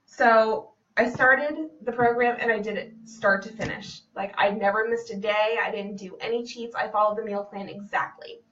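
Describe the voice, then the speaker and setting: A woman's voice: mid-range voice, fairly even intonation, normal speed, hardly any pauses, a bit bright. A young woman, a fitness business coach, talking to camera at home in an earnest, personal, casual way. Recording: dull, slightly distant home recording.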